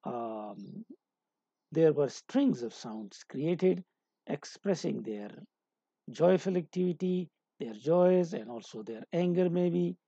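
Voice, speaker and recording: A man lectures in a very dark, slightly husky voice, stopping often to restart his sentences. The recording is dull and lo-fi, with a dry, close sound. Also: fairly high pitch, animated, takes it slowly, no echo. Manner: explaining with many hesitations and restarts.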